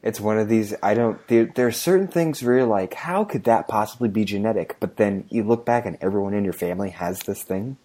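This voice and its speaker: Low-voiced, easygoing man chatting. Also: brisk, hardly any pauses, mellow. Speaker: podcast co-host. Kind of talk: casual chat.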